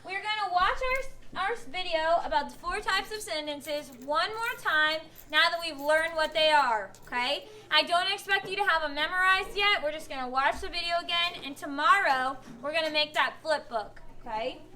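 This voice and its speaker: A woman teaching young schoolchildren asks patient questions and acts out example sentences. Her very high voice has a sharp tone and moves at a moderate pace with hardly any pauses, over a little hiss or hum.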